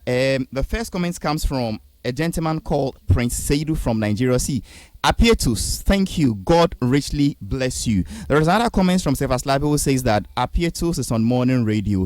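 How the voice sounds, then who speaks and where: A man with a Ghanaian accent hosting a radio talk show, reading listener comments and trying to calm his guest. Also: medium pitch, normal speed, no room sound. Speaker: radio host.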